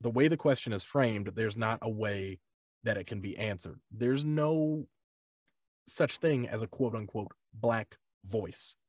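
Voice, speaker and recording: A man speaks over a video call with a dry, close sound and no room echo. He explains his points in a calm, measured way as a panel co-host. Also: fairly low pitch.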